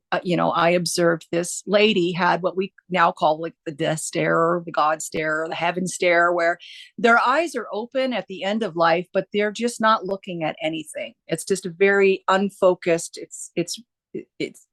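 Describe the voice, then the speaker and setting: A woman who works as a hospice nurse, telling stories earnestly in a casual interview, with frequent restarts and fillers. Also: on the low side.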